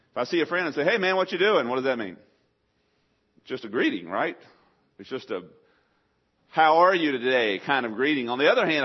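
Middle aged preacher guy, pitch right in the middle, goes animated and loud at times, kinda lo-fi audio. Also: slightly rough. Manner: animated preaching with sudden loud acted outbursts. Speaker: pastor. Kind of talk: sermon. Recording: slightly dull lo-fi sound.

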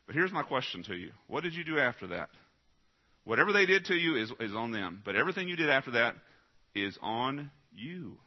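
A man's voice: medium pitch, sing-song, a little fast. A man preaching a sermon, direct and emphatic, often putting questions to his listeners. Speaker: pastor. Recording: dull lo-fi recording.

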